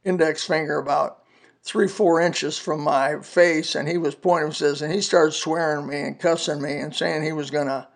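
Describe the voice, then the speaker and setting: A podcast preacher in his seventies shares a testimony sermon in a raspy, gravelly voice that's a bit high for a man. Speaking at normal speed with fairly even intonation, he tells his story earnestly and folksily, quoting scripture along the way.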